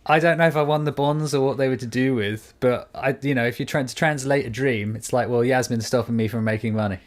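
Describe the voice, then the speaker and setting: A man's voice: medium pitch, fairly quick, a little hiss or hum. A man from the United Kingdom co-hosting a podcast, talking casually and acting out quoted voices as he tells a story. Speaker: podcast co-host. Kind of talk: casual chat. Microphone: studio microphone.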